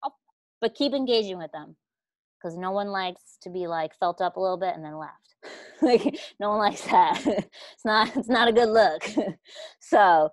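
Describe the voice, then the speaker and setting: A woman's voice: medium pitch, expressive, measured pace, pauses often, dry recording. Blunt, slangy woman coach. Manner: blunt, slangy, swears freely. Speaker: guest coach. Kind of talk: casual podcast chat.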